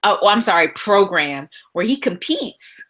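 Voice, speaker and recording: A woman's voice: mid-range voice, very animated, measured pace, fairly bright tone. A woman hosting a casual chat show who listens closely and adds frequent affirmations. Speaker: host.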